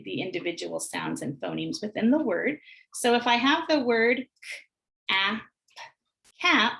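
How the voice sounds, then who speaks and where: An American woman demonstrating early literacy exercises, sounding out words slowly and deliberately. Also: mid-range voice, creaky, fairly bright tone. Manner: slow, deliberate sounding out of phonemes. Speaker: teacher trainer. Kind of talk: instructional screencast demonstration.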